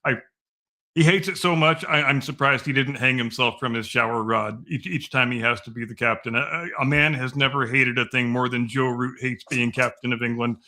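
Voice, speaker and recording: A man's voice: mid-range voice, fairly even intonation, fairly quick, bright, forceful tone. A man hosting a podcast in casual chat, opinionated and blunt, swearing freely. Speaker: podcast host.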